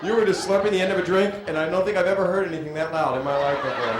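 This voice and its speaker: A man's voice: high-pitched, very fast, hardly any pauses. A male stand-up comedian performing a live set, riffing with and teasing the audience from a comedy club stage. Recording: echoey archival club recording with loud crowd noise. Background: audience laughter.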